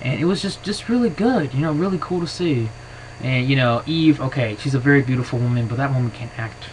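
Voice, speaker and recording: A man in a casual vlog, talking off the cuff into his camera's own mic. He rambles along excitably, leaning on "you know" and restarting his sentences. His voice is mid-pitched, and a faint ambient hum sits underneath. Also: a little fast, poor audio. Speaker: wrestling vlogger. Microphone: built-in camera mic.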